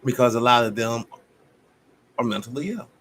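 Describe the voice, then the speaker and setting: At a normal pace and with a breathy edge to his voice, a man hosting a stream gives a fierce, cursing, preacher-style speech that lurches between loud bursts and murmured lines.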